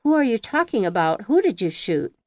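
A woman's voice: medium pitch, very animated, fairly quick, dry recording, studio quality, close to an everyday voice. A woman reading the lines of a worried neighbor woman asking urgent questions, in an audiobook.

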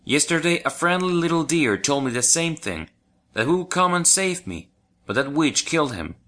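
A man's voice: a little high, animated, moderate pace, sharp tone. A man voicing a frightened young boy captured by a witch, in a children's storybook. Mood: plaintive.

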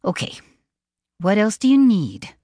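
A woman voicing a calm, contented tea shop owner who speaks patiently, in audiobook narration. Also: mid-range voice, measured pace, no room sound, studio quality, pitched above the performer's own voice.

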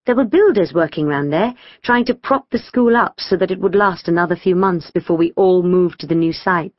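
A woman narrating a children's audiobook in the first person, telling it with lively storytelling and voicing schoolgirl dialogue. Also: fairly low pitch, normal speed, no echo, dull audio.

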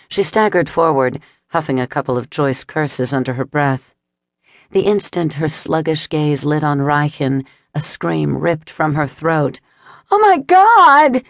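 A woman narrating a dark romantic fantasy audiobook in a steady, dramatic storytelling manner. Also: extremely low pitch, dry recording, clean studio sound.

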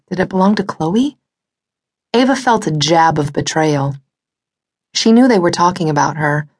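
A woman reads a suspense novel aloud in a measured, dramatic way. Her voice sits low for a woman, steady and controlled through the narration. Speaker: audiobook narrator. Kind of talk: scripted audiobook narration.

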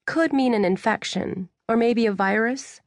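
A woman voicing a calm, steady veterinarian mother who talks in a reassuring way. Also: a little high, moderate pace, no room sound, clean studio sound, natural voice.

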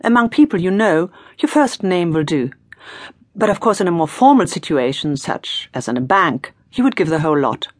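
A woman's voice: on the low side, very animated, moderate pace, no echo. Woman teacher voice, very sing-song, dry studio sound, cheerful prompts. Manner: encouraging, playful teacher prompts. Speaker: language teacher. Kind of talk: scripted audiobook lesson.

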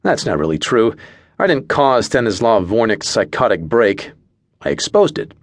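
A male audiobook narrator with a somewhat low voice tells the story in first person. His delivery is wry and understated. The recording is dry and close, with no room sound. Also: big pitch swings, moderate pace, no room sound.

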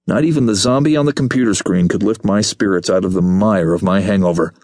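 A man narrating an audiobook in the first person, with a lowish voice and a wry, laid-back delivery. The studio recording is close and dry, with no room sound. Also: a little fast, few pauses, a little mellow, no room sound.

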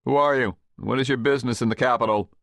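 A man's voice: mid-range voice, fairly even intonation, fast, creaky, a bit bright, dry recording, pitched above the performer's own voice. A male narrator voicing a self-important male gate guard who barks questions and then stammers in fright. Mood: officious.

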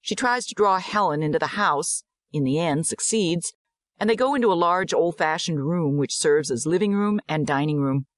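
A woman narrating a dramatized audiobook in a measured, descriptive way. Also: deep voice, no echo.

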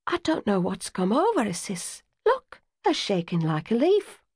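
A woman voicing an excitable teenage girl with a shrill voice. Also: a little slow, breathy edge, dry recording, studio quality, full character voice. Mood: worried.

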